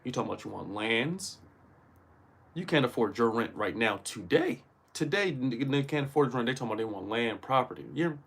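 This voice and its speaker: A man's voice: medium pitch, animated, brisk, gravelly, a bit bright, slightly rough. A man hosting a casual livestream motivational talk, slangy and profane, who keeps checking in with his listeners. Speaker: host.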